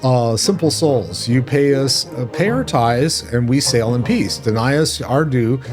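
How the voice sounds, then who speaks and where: A man's voice: medium pitch, expressive, unhurried, music in the background, lightly acted. A man voicing a blunt, mercenary male pirate captain from a video game, reading the lines aloud boldly. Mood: gruff. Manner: bold, boastful, reads game lines aloud with small stumbles.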